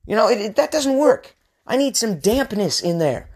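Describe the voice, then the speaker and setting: A man's voice: sits high, big pitch swings, moderate pace, darkish tone, slightly rough. A man in his thirties from the US West Coast, hosting a podcast with a rambling, ranting comic monologue. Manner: ranting, rambling, crude jokes. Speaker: podcast host. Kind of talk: comedic monologue.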